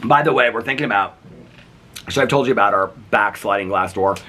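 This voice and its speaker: A man vlogging, telling neighborhood stories in a rambling, animated way full of fillers. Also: on the low side, a little fast, slight background noise. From United States. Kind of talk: casual storytelling.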